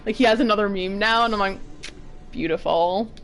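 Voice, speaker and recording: A woman's voice: medium pitch, flat delivery, racing, fairly bright tone, faint music behind. A woman in her thirties chatting casually while streaming a game, giggly and playfully swearing. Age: 30s. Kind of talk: casual gameplay commentary.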